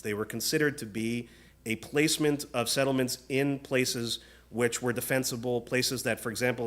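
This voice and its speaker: A rabbi delivering an earnest, measured sermon in a synagogue, often turning questions to the congregation. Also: male voice, medium pitch, a bit bright. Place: synagogue sanctuary.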